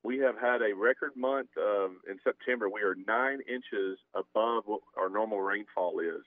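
A man's voice: lowish voice, moderate pace, no room sound. Man on a tinny phone line. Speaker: guest, football coach. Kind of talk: radio interview by phone.

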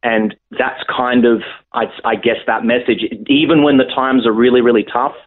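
A man's voice: mid-range voice, fairly even intonation, normal speed. A young man speaking as a guest over the phone, hesitant and full of restarts. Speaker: guest actor. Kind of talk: phone interview. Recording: tinny phone line.

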